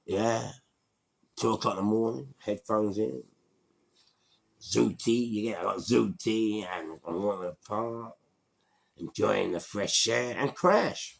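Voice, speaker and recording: A man in his sixties with a London accent, telling a street story in a slangy, animated way. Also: on the low side, slow pace, long pauses. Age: 60s. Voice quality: gravelly. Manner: animated, slangy, acts out voices. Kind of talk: storytelling monologue.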